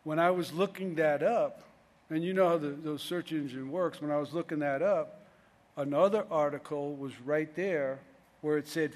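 A man's voice: on the high side, big-room sound. A middle-aged man preaching a sermon in a loose, conversational way, often restarting his sentences. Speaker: pastor.

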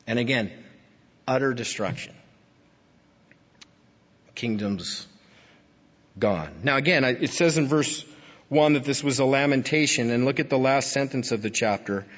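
Husky preacher in an echoing hall. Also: male voice, mid-range voice, lively intonation, measured pace, long pauses. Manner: emotional, swinging from hushed to emphatic. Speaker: pastor. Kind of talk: sermon. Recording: dull lo-fi sound with long hall reverb.

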